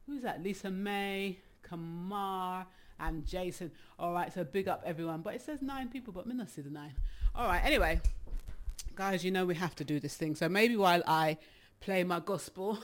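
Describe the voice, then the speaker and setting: A woman's voice: on the low side, normal speed. A young adult woman with a Jamaican accent, a little out of breath, hosting a casual gospel live stream, chatty and affectionate as she greets viewers by name and laughs often.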